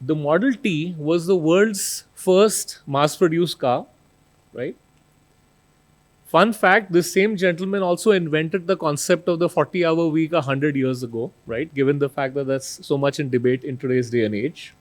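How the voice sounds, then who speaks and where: A man's voice: fairly high pitch, moderate pace. A middle-aged man giving a conference keynote, talking in a conversational way and often tagging "right?" onto his points. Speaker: keynote speaker. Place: conference hall stage.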